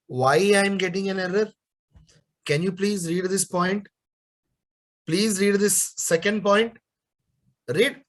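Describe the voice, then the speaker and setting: A young man leads a live coding class, his voice sitting a little high for a man. He repeats his questions, scolds students for careless mistakes and then cheers them on. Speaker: programming teacher.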